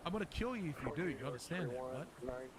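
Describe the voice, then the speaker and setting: A man's voice: mid-range voice, lively intonation, quick pace, natural voice. A man voicing a short-tempered, violent little Australian man in a roleplay game, swearing and threatening. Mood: furious. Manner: furious threats, yelling and swearing. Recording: game clip with loud crowd noise.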